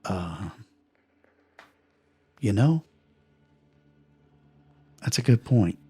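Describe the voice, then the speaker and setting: A man's voice: fairly low pitch, sing-song, extremely slow, breathy edge, exaggerated voice. Man playing a brooding secretive vampire. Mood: guarded. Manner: quiet, hesitant and guarded.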